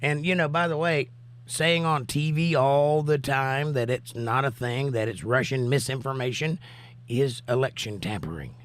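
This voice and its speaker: A man's mid-range voice, at normal speed, carries casual live-chat commentary: he hosts a livestream, chats, and reads out viewers' comments, his voice still recovering from a cough.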